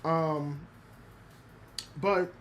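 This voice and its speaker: A man's voice: on the high side, steady tone, drawn-out words, a bit bright, muffled recording, slight background noise. A man streaming live, chatting casually with his chat and retelling an anime episode, with many restarts and some swearing. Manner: talks to chat directly.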